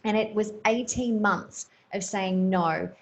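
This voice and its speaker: A woman interviewer asking a long, reflective question in a thoughtful, unhurried way. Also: medium pitch, rough recording.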